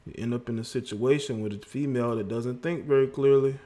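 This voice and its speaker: A man hosts a livestream and comments on a clip he has just played. His voice sits at an ordinary middle pitch. He mocks what he heard, laughs, and keeps repeating words to make his point. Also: fairly quick, mellow. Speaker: livestream host.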